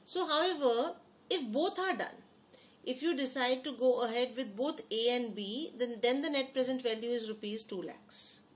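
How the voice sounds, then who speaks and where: Explaining a lesson at a normal speed, a woman with a slightly high voice frequently repeats phrases and poses questions to her class.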